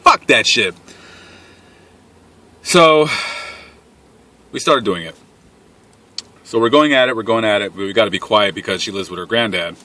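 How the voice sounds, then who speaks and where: A man's voice: on the low side, normal speed, long pauses, sharp tone. A young man telling a crude personal story straight to camera, blunt and full of swearing. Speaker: vlogger. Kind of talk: casual storytime.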